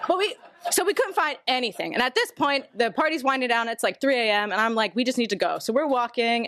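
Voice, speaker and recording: A woman's voice: on the high side, a bit bright, slight background noise. A woman telling a candid personal story to a podcast audience, casually and laughing as she goes. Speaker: storyteller guest.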